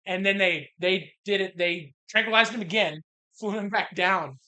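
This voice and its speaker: A man co-hosting a podcast, telling a story in casual chat and acting out the quotes with big swings in voice. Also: moderate pace. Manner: animated, acts out quotes with big jumps in pitch and loudness. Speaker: podcast co-host. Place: bar or lounge.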